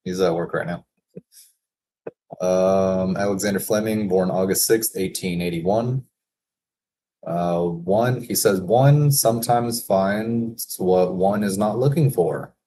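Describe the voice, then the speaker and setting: A man in a casual solo work session, thinking aloud and reading quotes slowly, chuckling to himself now and then. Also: low voice, mellow, a little hiss or hum. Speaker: business consultant reading daily quotes.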